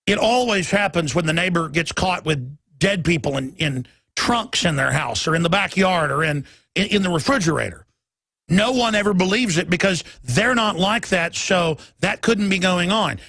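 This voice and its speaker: A man's voice: high-pitched, expressive, normal speed, sharp tone, no room sound. A man hosting a talk radio show, delivering a heated, emphatic monologue and stumbling over repeated words as he pushes his point.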